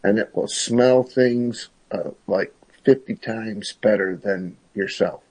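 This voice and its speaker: A man co-hosting a casual chat from his sister's kitchen table, speaking haltingly with many restarts. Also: lowish voice, darkish tone, slightly rough, low-quality recording. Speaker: podcast co-host.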